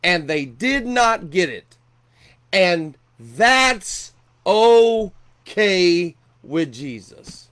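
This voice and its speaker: A man's voice: high voice, very animated, very slow, a bit bright, smooth. A middle-aged man preaching a sermon earnestly, often repeating and restarting his words. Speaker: pastor.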